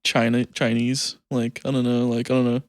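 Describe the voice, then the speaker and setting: A man's voice: medium pitch, monotone, normal speed, no echo. Laughing young male podcast co-host, dry sound. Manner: laughing often, loose and joking. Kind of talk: casual podcast banter.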